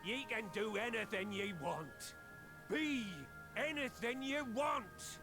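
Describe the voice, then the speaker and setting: Grizzled old pirate captain, gravelly voice, slow rousing oratory, game voice over music. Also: male voice, very high-pitched. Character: older male pirate captain, gruff and stern. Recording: game audio under music.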